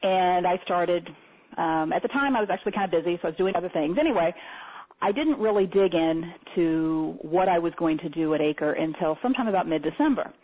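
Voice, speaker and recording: A woman's voice: fairly low pitch, expressive, a little fast. A woman hosting a live meeting on a call, talking in a chatty, rambling way with many fillers and restarts. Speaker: meeting host. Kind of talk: casual spoken presentation. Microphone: phone or conference line. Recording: tinny phone line.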